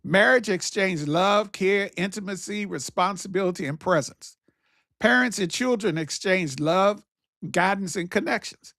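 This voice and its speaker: A man's voice: sits high, measured pace, vocal fry, sharp tone, no echo, clean studio sound. A man hosting his own talk show, speaking in a casual, preachy monologue that repeats its key phrases. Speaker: podcast host.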